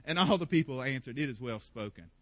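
A man preaching a sermon as pastor, animated and playful, acting out the people in the story with sarcasm. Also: medium pitch, fast, dry recording.

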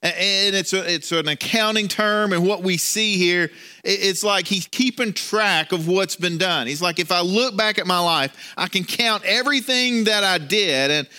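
A man's voice: sits high, normal speed, sharp tone, clean tone. A man preaching a sermon in a conversational way, often repeating words and restarting as he tells a story. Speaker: pastor.

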